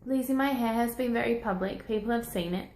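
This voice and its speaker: A woman's voice: a little high, fairly quick, a little mellow, roomy sound, a little hiss or hum. Earnest woman on a selfie video. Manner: earnest, rambling, self-encouraging. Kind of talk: personal selfie video talk. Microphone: phone held at arm's length.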